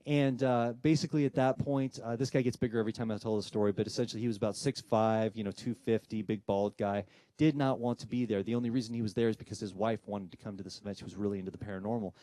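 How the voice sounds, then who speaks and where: A paranormal investigator tells a personal ghost story in an animated, dramatic way, acting out the voices of the people involved. His voice is lowish and there's no room sound. He uses dramatic pauses to build tension.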